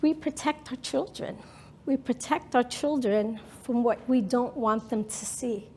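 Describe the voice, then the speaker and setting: A woman's voice: a little high, a little slow, darkish tone, a little hiss or hum. A woman in her fifties from New York, telling a personal story in a talk with dramatic, emotional present-tense narration. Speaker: speaker.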